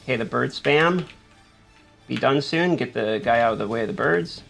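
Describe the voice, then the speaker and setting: A man's voice: medium pitch, animated, normal speed, vocal fry, a bit bright, soft background music. A man giving live commentary as he plays a game, talking himself through each move and urging himself on. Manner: talks himself through play, panics and urges himself on. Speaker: gaming YouTuber.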